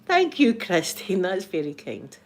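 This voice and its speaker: A woman's voice: on the low side, wildly swooping pitch, measured pace, a little mellow. A middle-aged Scottish woman hosting a live stream, chatting casually with viewers, laughing often and mimicking other voices. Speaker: ASMR livestream host.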